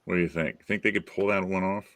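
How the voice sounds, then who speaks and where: A man hosting a casual movie chat, enthusiastic and quick to laugh. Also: low voice, fairly even intonation, fairly bright tone, no echo. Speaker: podcast host.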